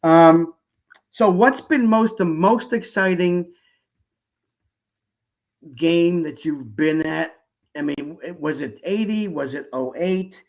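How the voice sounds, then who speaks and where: A man hosting a casual chat show with a slightly high-pitched voice. He talks eagerly and chattily, restarting his sentences often. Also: slow, creaky, pauses often. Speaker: podcast host.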